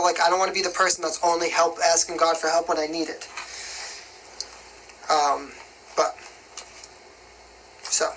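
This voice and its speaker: A young man from New York with a light New York accent and a bright, forceful voice. He hosts a casual live question-and-answer stream. He rambles chattily, filling his talk with "you know what I mean", over a faint hiss of noise. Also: fairly high pitch, creaky, low-quality recording. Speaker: livestream host answering viewer questions.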